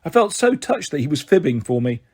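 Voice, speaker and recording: A man narrating a children's book with a husky, somewhat breathy voice. His pitch sits a little high and moves around a lot. He reads with expression in the first person. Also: big pitch swings, a little fast. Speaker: storyteller. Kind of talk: reading a children's novel aloud.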